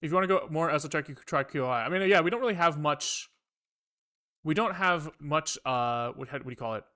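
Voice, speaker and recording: A man with a fairly high voice talks casually while he codes on a live stream. He thinks aloud, rambles, swears freely and tosses dry asides to his viewers. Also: fairly quick, bright, forceful tone. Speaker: programming livestreamer. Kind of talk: casual live coding talk.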